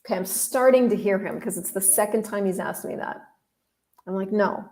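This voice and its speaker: A woman's voice: medium pitch, moderate pace, darkish tone. A woman hosting a podcast, telling a story in a casual, candid way, talking straight to her listeners and swearing now and then. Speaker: podcast host.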